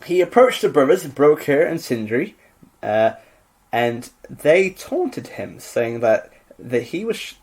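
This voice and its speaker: A man co-hosting a podcast, reading myths aloud and chatting in an animated, joking way. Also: mid-range voice, slow. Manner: animated, joking, mock voices. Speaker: podcast co-host. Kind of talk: casual chat and reading myths.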